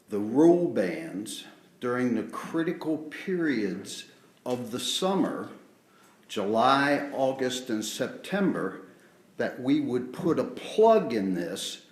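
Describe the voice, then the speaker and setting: A man's voice: medium pitch, sing-song, slow pace. A man formally addressing officials at a public meeting, pressing his point firmly. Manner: formal, building to insistent. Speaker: resident speaking at public meeting. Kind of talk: public comment. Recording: echoey hall.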